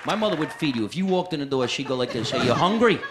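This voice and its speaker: A man doing stand-up comedy and chatting on stage, animated, jumping to high-pitched bursts when he mimics someone. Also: rapid-fire. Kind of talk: stand-up set and chat. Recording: echoey club with loud crowd noise.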